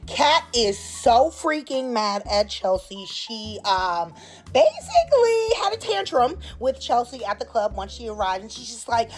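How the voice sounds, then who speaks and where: A woman's voice: fairly high pitch, sing-song, measured pace. Sassy woman recapping a soap. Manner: sassy, opinionated, acts out the characters' lines. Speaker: soap opera recap host. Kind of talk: casual chat.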